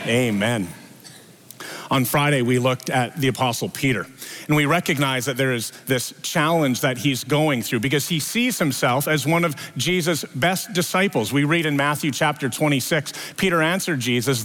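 A man's voice: moderate pace, a bit bright. A male pastor preaching an Easter sermon at a church service, telling the story with acted-out dialogue. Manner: storytelling, acts out quoted dialogue with lifted pitch.

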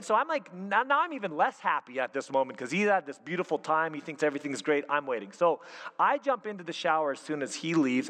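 A man preaching a sermon with a slightly high voice, his words ringing through a hall with a long echo. He mixes earnest teaching with lively storytelling, acting out voices in his anecdotes. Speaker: pastor.

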